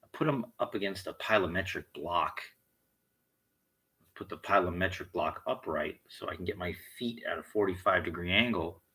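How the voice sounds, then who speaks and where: Deep gravelly dude ranting to camera, swears a lot, husky edge. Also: male voice, moderate pace, pushed and bright, poor audio. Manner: blunt, swearing, heated storytelling. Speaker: vlogger. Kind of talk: profane monologue rant.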